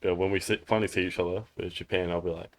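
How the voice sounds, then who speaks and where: A man's voice: deep voice, flat delivery, rapid-fire. A man in casual podcast chat, dropping in dry, teasing remarks. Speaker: podcast co-host. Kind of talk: casual chat among friends.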